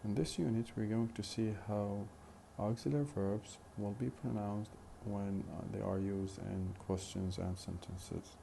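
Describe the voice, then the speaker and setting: A man teaching a phonetics lesson in a slow, deliberate way, repeating example questions. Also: on the low side, steady tone, vocal fry, dark tone, a little hiss or hum. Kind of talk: recorded lecture.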